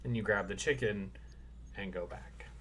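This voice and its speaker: A man hosting a casual podcast chat, relaxed and easygoing, laughing easily and walking through ideas step by step. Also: lowish voice, moderate pace. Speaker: podcast host.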